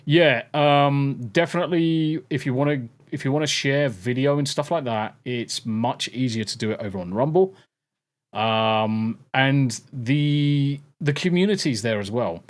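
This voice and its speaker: A man hosts a casual podcast, rambling through his backlog and swearing freely while an air conditioner crackles in the background. He speaks unhurriedly in a mid-range voice.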